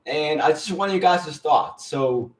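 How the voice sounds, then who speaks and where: A man hosting a casual live stream, talking earnestly and haltingly, repeating himself and getting teary. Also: fairly high pitch, roomy sound, distant mic. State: teary, emotional.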